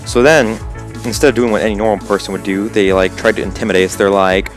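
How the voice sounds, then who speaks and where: A man's voice: fairly low pitch, fast talker, soft background music. A teenage boy and gaming channel host telling a story casually, rambling with lots of fillers. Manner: rambling, full of "like" and "um".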